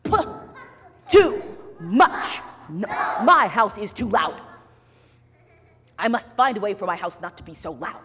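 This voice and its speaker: A woman voicing a grumpy old man who hates noise, complaining loudly and huffily in a children's story. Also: fairly high pitch, very animated, slow pace, pauses often, big-room sound, a crowd in the background. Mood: fed up. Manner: loud, huffy complaining.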